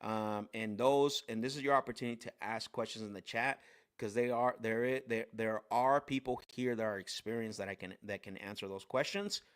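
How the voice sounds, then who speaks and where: A man's voice: fairly low pitch, fairly even intonation, normal speed, clear, resonant tone. A man hosting a live sales coaching stream, telling stories with lots of energy, restarts and fillers.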